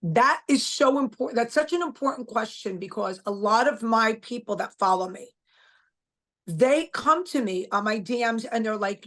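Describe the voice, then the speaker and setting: Middle-aged woman guest, blunt and emphatic, a bit higher-pitched, casual interview talk. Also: moderate pace, fairly bright tone. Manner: blunt, emphatic, repeats herself. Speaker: guest, author.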